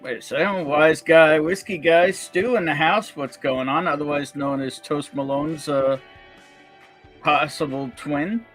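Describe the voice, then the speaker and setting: A man's voice: a little high, unhurried. Jokey man hosting a whiskey livestream. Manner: jokey, upbeat shout-outs to viewers. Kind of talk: casual livestream chat. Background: faint background music.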